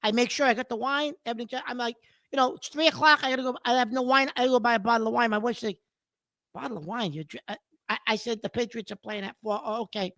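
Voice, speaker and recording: A man's voice: very high voice, steady tone, fast, pushed and bright, no room sound. A middle-aged man co-hosting a casual podcast chat, telling his habits in a blunt, matter-of-fact way. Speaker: podcast co-host.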